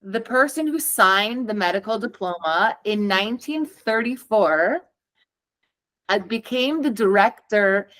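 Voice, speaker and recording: A woman's voice: medium pitch, expressive, a little slow, fairly bright tone, rough recording. A woman guest on a podcast, telling her own story in a candid, chatty way and acting out the dialogue she quotes. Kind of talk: conversational storytelling.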